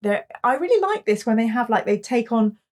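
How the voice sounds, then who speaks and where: A woman co-hosting a casual book club chat, chatty and quick to joke. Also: fairly high pitch, sing-song. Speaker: podcast co-host.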